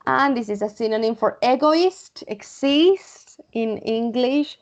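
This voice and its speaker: A woman from Spain with a Spanish accent, teaching English vocabulary online, repeating words slowly and checking in with "okay?". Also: on the high side, animated, muffled recording. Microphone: computer mic.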